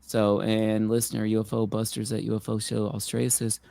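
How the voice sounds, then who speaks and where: A male podcast host with a low, gravelly voice who muses aloud in an easygoing way. The sound is close and dry, with no room echo. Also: completely flat delivery, a little fast, mellow. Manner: musing, easygoing. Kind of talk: casual chat.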